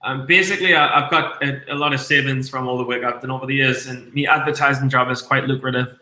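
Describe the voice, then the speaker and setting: A man's voice: mid-range voice, steady tone, quick pace, bright, forceful tone. A man streaming his live stock trades, swearing constantly and reading chat aloud while a bit tipsy on red wine. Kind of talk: live trading commentary. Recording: echoey room.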